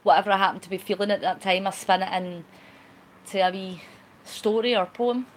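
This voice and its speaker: A woman's voice: mid-range voice, a little fast, a little hiss or hum. A woman chatting casually on a live stream, reading out viewer comments in a cheeky, talkative way with frequent laughs. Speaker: vlogger.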